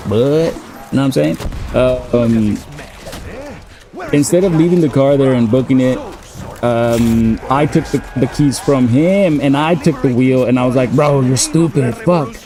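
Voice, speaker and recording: A man's voice: medium pitch, dark tone, a little hiss or hum. A man in his thirties telling a personal story in a casual, profane, laid-back way. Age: 30s. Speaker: gaming streamer.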